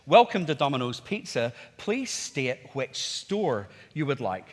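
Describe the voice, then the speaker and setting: A man's voice: medium pitch, big pitch swings, a little slow. A man imitating a polite automated phone menu voice in formal, mechanical phrasing. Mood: stiff. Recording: reverberant hall.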